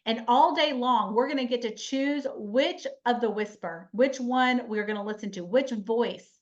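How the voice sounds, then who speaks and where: Lady coach, high voice, chatty and earnest, kinda muffled webinar audio. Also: normal speed. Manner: earnest, chatty, repeats key lines for emphasis. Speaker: life coach and webinar host. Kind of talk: motivational faith-based webinar talk.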